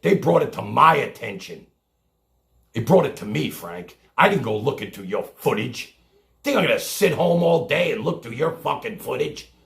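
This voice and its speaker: Pissed off stream host guy tearing into a caller, cussing nonstop, kinda high gravelly voice. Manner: berating, swearing, hammering the same words over and over. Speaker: livestream show host. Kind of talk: heated rant at a caller.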